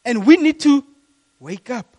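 A man preaching a sermon to a congregation as a youth pastor, telling the story in a lively way and repeating key phrases for emphasis. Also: extremely high pitch, measured pace.

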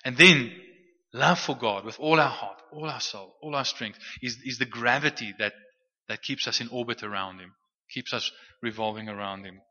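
Male preacher, very bright tone, casual teaching delivery full of restarts, muffled hall recording. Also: medium pitch, moderate pace. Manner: conversational with frequent restarts and stammered repeats. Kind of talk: sermon teaching. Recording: muffled sound with long hall reverb.

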